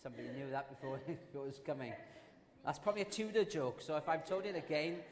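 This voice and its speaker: A man preaching a sermon, opening with a joke, telling it in a relaxed way with fillers and restarts. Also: fairly high pitch, quick pace, big-room sound, crowd noise. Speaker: pastor.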